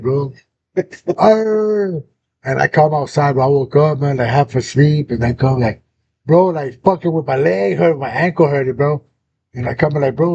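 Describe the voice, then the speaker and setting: A young man hosts a casual chat, telling a story in slang and swearing freely. His voice sits a little high but sounds mellow and dark. The recording is dull and lo-fi, with a faint rumble underneath. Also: vocal fry. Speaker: host.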